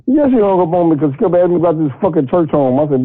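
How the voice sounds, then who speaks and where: A man's voice: on the high side, animated, rapid-fire, dry recording. A man from Texas with a Southern accent, calling in to a podcast and telling loose, profane stories. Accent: Texan Southern US. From Texas, USA. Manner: loose profane storytelling with laughs. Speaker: caller guest. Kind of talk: casual call-in podcast chat. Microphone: phone call. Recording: tinny dry phone line.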